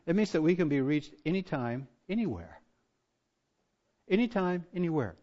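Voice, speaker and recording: A pastor preaching a sermon, swinging from hushed asides to loud emphatic points. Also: male voice, fairly high pitch, expressive, normal speed. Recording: dull lo-fi church recording.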